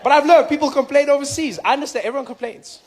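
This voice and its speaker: A man doing stand-up comedy, telling stories with lively impressions. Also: very high-pitched, quick pace, a faint crowd, a little hiss or hum. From South Africa.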